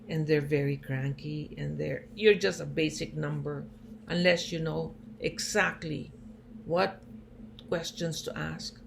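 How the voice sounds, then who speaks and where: A woman's voice: sits low, gravelly. A woman, telling her own cancer story in an emphatic, indignant way. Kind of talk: personal storytelling talk. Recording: noisy recording.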